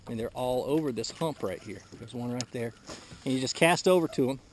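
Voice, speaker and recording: A relaxed, chatty man explains his technique while he fishes from a boat on open water. He talks to a camera mic that he moves around as he works. Clear boat and water noise runs under his voice. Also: medium pitch, a little fast. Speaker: fishing instructor. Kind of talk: casual how-to demonstration. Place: on a boat on a lake, outdoors. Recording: outdoor camera audio with noise.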